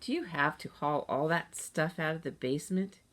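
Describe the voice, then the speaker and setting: A woman's voice: medium pitch, animated, moderate pace, close to an everyday voice. A woman reading as a bossy, scornful teen girl. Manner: curt, scornful. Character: bossy dismissive older sister Jill, teen girl.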